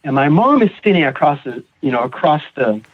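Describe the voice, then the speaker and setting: A man guest on a recovery podcast, telling his personal story in a halting way, repeating words and acting out what others said. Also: on the high side, big pitch swings. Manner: halting, repeats words, acts out quoted voices. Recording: tinny phone-like audio.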